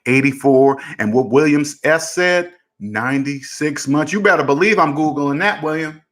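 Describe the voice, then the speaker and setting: A man speaking at a normal speed with few pauses, in a slightly high and somewhat bright voice, hosts a personal finance channel. He gives casual commentary to camera, stressing his points emphatically and repeating them so they stick.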